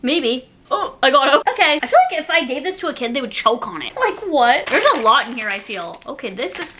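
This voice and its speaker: A young woman vlogger with a bright, fairly high voice talks through an unboxing in a loose, chatty way. She giggles often and leans on "like" in nearly every sentence. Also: very animated, fairly quick, a little hiss or hum. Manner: chatty, giggly, heavy use of "like". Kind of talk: casual unboxing chat.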